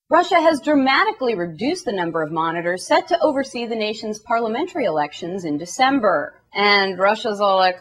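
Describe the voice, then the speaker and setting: A woman hosting a comedy news show, reading headlines in a deadpan anchor manner with casual asides. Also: mid-range voice, brisk, hardly any pauses.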